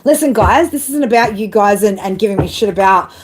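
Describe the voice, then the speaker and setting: A woman's voice: mid-range voice, lively intonation, brisk, a little hiss or hum, rough recording. A woman chatting casually during a live tarot reading, laughing often and tagging "right?" onto her sentences. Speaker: tarot reader. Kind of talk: live-stream reading chat. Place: outdoors.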